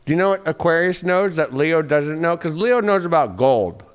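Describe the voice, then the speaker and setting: A man's voice: fairly high pitch, normal speed, clear, resonant tone. Brash, swearing astrology host man. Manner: brash, swears freely, animated. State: smoking a cigarette while talking. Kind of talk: casual profane astrology chat.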